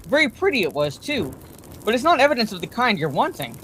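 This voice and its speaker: A woman doing a hoarse old blustering major. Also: on the high side, very animated, fast talker, a bit bright, a little hiss or hum, pitched above the performer's own voice. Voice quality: hoarse, wheezy. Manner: rambling, blustering. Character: older man with a hoarse wheezy voice.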